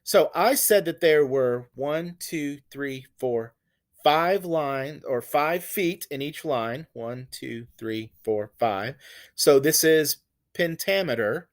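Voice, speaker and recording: A man's voice: fairly high pitch, animated. A man giving a recorded literature lecture, patiently explaining poetic meter and reassuring his students. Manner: patient and reassuring, slow and deliberate, counts out stresses. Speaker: literature teacher.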